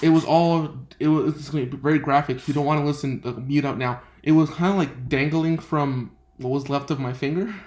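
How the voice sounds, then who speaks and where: A young man hosting a casual podcast chat, telling a story with lots of laughter and lively quoted voices. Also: on the high side, brisk, hardly any pauses. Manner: laughing often, animated quoting of others. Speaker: podcast host.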